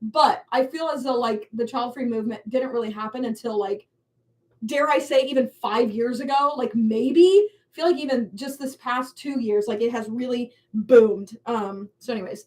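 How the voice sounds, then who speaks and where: Young woman host, high voice set back from the mic, chatty get-ready-with-me livestream, heavy "like" fillers. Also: moderate pace, darkish tone, recorded from a distance. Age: young adult. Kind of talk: casual get-ready-with-me chat. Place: at home doing her makeup.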